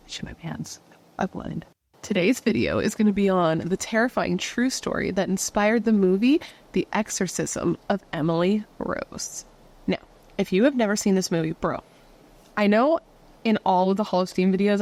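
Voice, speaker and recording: A woman's voice: lowish voice, darkish tone. A woman telling true-crime and haunting stories in a casual, chatty way, swearing freely and asking her viewers rhetorical questions.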